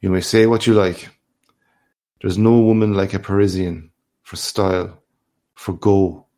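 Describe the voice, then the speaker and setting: A man's voice: sits low, steady tone, a little slow, warm tone. A man playing a boastful man-of-the-world. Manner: hearty, expansive, swaggering. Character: boastful worldly Irish journalist, man, middle-aged.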